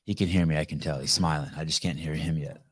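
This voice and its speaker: A man's voice: extremely low pitch, fairly even intonation, fast talker, breathy edge, no room sound. A man hosting a live podcast over a video call, talking bluntly and joking with a lot of profanity. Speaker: podcast host.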